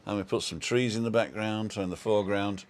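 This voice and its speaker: Deep-voiced chatty man on a live stream. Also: brisk. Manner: rambling, greets viewers by name, chuckles often. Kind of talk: casual live-stream chat. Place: home.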